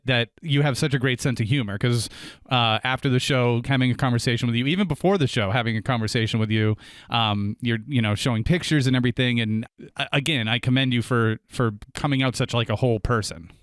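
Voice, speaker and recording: Smooth-voiced podcast host, dry and close. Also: male voice, medium pitch, no room sound. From USA. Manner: sympathetic, indignant, halting restarts. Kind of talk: interview reaction.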